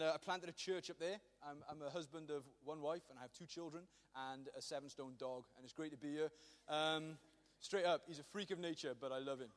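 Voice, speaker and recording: Male pastor, high bright voice, quick and jokey, church hall reverb. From Wales. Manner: joking, rambling, self-deprecating. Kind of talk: humorous youth sermon.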